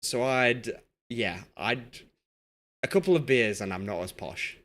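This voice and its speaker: This Yorkshire-accented streamer speaks a little slowly, his medium-pitched voice expressive and a bit bright. As he plays a football management game, he chats chattily with his live audience and runs himself down in good humour.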